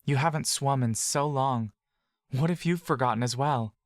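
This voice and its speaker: The audio drama narrator voicing Bach, a frightened young boy adventurer who is burned and pleading, in a high, strained voice. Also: normal speed, dry recording, clean studio sound, lightly acted. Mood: anxious.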